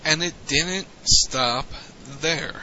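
A man co-hosting a show, calmly recounting events in casual chat. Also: a little high. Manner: unhurried storyteller, frequent "mm-hmm". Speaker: podcast co-host. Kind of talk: casual wrestling recap chat. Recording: dull lo-fi audio with faint noise.

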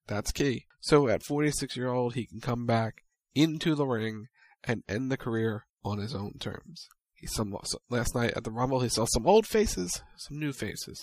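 A man co-hosting a casual chat, recapping events in brisk storytelling and playing out quotes. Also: medium pitch, no echo. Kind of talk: casual recap of a wrestling show.

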